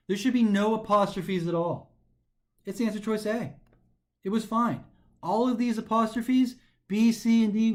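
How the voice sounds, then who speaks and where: A man teaching a recorded grammar lesson for a test, talking animatedly and slowing down to stress the pauses as he reads sentences aloud, sometimes tripping over his words. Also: sits high. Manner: animated, emphatic, slows down to stress pauses when reading aloud. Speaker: test prep instructor.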